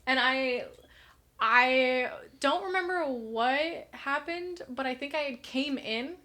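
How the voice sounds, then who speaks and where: A young woman with a bright, sharp voice, talking casually as a podcast co-host. She tells stories in a lively, chatty way and acts out what people said. Her pitch sits somewhat high. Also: slow. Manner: chatty storyteller, acts out quotes. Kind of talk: casual chat.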